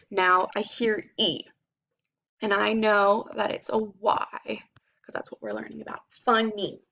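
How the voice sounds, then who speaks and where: A woman teacher giving a phonics lesson to children, spelling out sounds slowly and clearly. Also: mid-range voice, a bit bright, lo-fi sound.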